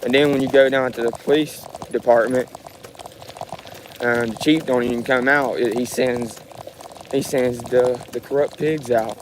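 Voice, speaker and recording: A man's voice: medium pitch, steady tone, measured pace, a little hiss or hum. A man livestreaming, telling a rambling, frustrated story with frequent restarts and swearing. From Ohio, USA.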